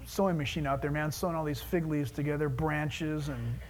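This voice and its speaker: A man preaching a sermon in an animated, joking way, moving between hushed asides and loud exclamations. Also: on the high side, normal speed, long reverb tail.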